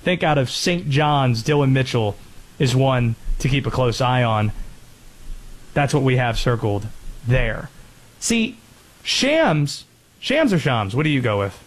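A man's voice: medium pitch, big pitch swings. A man hosting a sports radio show, talking casually about basketball picks with a joking manner. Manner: conversational, joking, quick.

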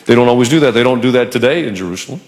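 A male pastor preaching a sermon in a church, animated and conversational with touches of humor. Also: mid-range voice, rapid-fire, long reverb tail.

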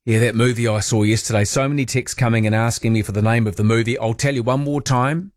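A man's voice: medium pitch, steady tone, quick pace, no room sound, clean studio sound. A man hosting talkback radio in a chatty, self-deprecating way. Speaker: radio host. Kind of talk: casual radio chat.

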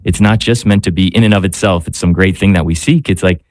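Male priest guest, low-ish, dry close mic, thoughtful and searching. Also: fast, dry recording. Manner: reflective, searching for words, gentle restarts. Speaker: priest, spiritual director. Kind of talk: radio talk show discussion.

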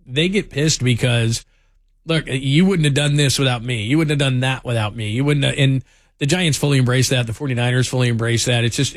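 Recorded dry and at studio quality on a studio microphone in a radio studio, a man with a medium-pitched voice hosts a sports talk show. He spins stories in a chatty way, full of fillers.

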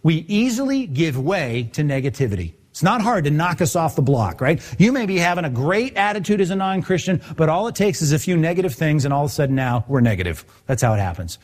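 A male pastor preaching a conversational sermon with a slightly high voice that rises and falls a lot. He keeps turning to his listeners with quick rhetorical questions. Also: sing-song, a little mellow.

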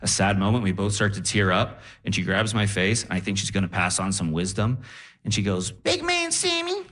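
A man's voice: low voice, flat delivery, a little fast, a bit bright. A male stand-up comedian telling a story in a chatty, conversational way with asides to the crowd.

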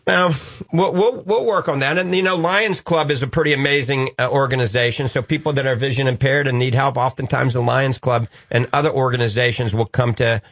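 A man's voice: medium pitch, fairly even intonation, fairly quick, hardly any pauses, fairly bright tone, no room sound. A man with a New Orleans accent hosting a call-in radio show, upbeat and reassuring with a joking streak.

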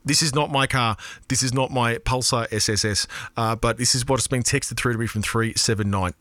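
A man with an Australian accent hosting a radio show in casual, rambling chat, reading out listener texts, excitable and swearing freely. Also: mid-range voice, normal speed, no room sound, studio quality. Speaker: radio host. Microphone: studio broadcast mic.

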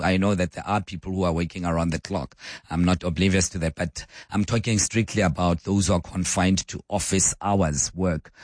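Deep, hoarse South African radio host. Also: male voice, darkish tone, dry recording, studio quality. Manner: chatty, asks listeners questions. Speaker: radio talk show host. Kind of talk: call-in talk radio. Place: radio studio.

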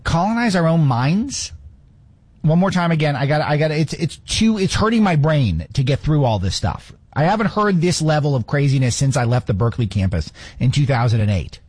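Sarcastic commentary host in his thirties, slightly high, husky voice. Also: lively intonation, brisk, a little mellow. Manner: sarcastic, mocking rhetorical questions. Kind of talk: opinionated monologue with played clips.

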